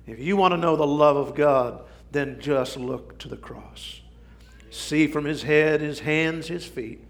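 A man preaching a sermon, swinging from shouting to near whisper for drama. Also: a little high. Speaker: pastor.

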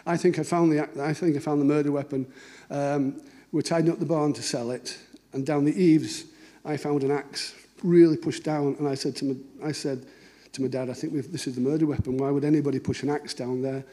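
A middle-aged man tells stories in a relaxed, anecdotal way. His voice sits a little high but has a dark, mellow tone. He slips into the voices of the people he quotes. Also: a little fast. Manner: conversational, anecdotal, acts out dialogue. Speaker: cartoonist giving a talk. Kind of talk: storytelling talk.

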